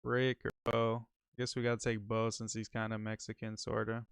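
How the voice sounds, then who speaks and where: A laid-back man with a Northern Californian accent, talking slangy banter as a livestream co-host. His voice has a gravelly fry yet stays smooth and resonant. The sound is close and dry. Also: lowish voice, monotone, normal speed, dry recording. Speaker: podcast co-host. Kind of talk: casual livestream chat.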